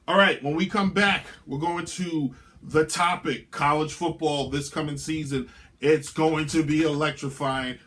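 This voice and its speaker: A man's voice: a little high, a little slow, a bit bright. A man hosting his own sports show, giving brash, opinionated takes in a sing-song, ranting way. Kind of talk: opinionated sports commentary monologue. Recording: music bed underneath.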